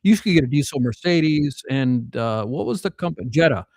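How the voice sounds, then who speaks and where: A man's voice: medium pitch, lively intonation, moderate pace, a little mellow, dry recording, poor audio. A man from South Dakota telling rambling family anecdotes in a casual podcast chat, full of fillers and restarts. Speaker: podcast guest.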